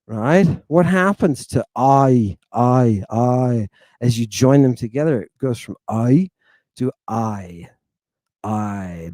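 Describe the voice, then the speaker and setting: A man teaching ancient Greek in a casual, profane, chatty lecture, animated, with loud bursts and muttered asides, and he keeps asking "right?". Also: medium pitch, dry recording.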